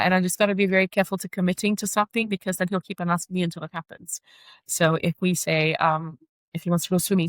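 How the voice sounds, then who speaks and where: A mother speaking earnestly as a podcast guest, reflective and frank, at times echoing questions in a higher voice. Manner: earnest, reflective, often acts out her son's repeated questions in a higher voice. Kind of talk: candid interview conversation.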